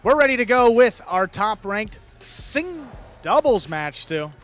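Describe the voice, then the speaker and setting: A man announcing live sports play-by-play in brisk, clipped calls of each play. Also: high voice, very animated, fairly bright tone, soft background music.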